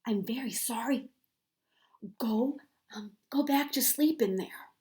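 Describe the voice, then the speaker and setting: A woman's voice: high voice, animated, moderate pace, a little mellow, pitched above the performer's own voice. A woman voicing a proud, stubborn male goose in a children's storybook, speaking firmly and matter-of-factly. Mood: sheepish.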